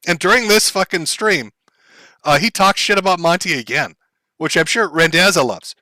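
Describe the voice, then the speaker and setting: A man's voice: sits high, normal speed, pushed and bright, no echo. Blunt, profane male streamer talking to chat. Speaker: streamer commenting on a clip. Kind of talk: casual live-stream commentary.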